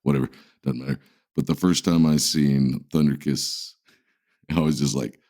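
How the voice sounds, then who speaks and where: A man's voice: rumbling low, steady tone, normal speed, darkish tone. A man co-hosting a podcast in a laid-back, rambling chat, swearing freely. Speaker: podcast co-host. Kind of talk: casual chat.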